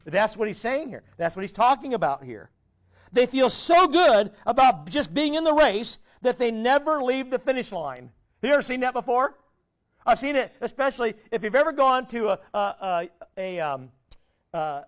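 A man preaching a sermon as pastor, asking the congregation questions and dropping his voice low at the ends of phrases. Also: big pitch swings, moderate pace, fairly bright tone. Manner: asks the congregation many questions, conversational preaching.

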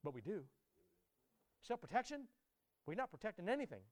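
A man preaching a sermon to his congregation, emphatic and direct, often repeating his words and rising to loud climaxes. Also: high voice, very animated, a little fast, no echo. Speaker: pastor.

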